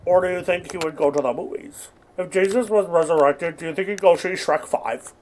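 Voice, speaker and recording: Young guy rambling weird deadpan jokes over gameplay, kinda high voice, faint hiss behind. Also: brisk. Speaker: gaming streamer. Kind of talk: absurd comedic gameplay commentary.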